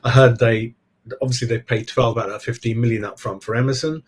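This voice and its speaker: A man's voice: medium pitch, steady tone, a little fast, husky. A man hosting a football fan channel, talking in a casual live-stream chat and answering viewers as he goes. He rambles from point to point and keeps dropping in "mate.". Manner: chatty, keeps saying "mate".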